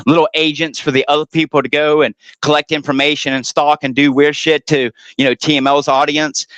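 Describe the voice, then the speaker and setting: A man's voice: on the high side, fairly bright tone, dry recording, poor audio. A man ranting and taunting others during a heated online panel argument, swearing often. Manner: profane. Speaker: panel guest.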